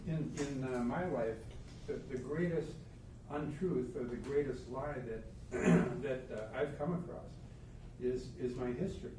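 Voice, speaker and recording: A man speaks very slowly in a group session, hesitant and halting as he gathers his words. He is heard from across a very echoey room, with clicks and noise clearly behind him. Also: mid-range voice, recorded from a distance. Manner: hesitant, halting with fillers and repeats. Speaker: class participant. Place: classroom.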